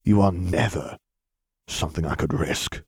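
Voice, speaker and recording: A man's voice: low voice, a little slow, husky, no echo, clean studio sound, full character voice. A man voicing a stern middle-aged father, tight-lipped and hissing, afraid for his son. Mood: pleading. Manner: hissed, tight-lipped pleading.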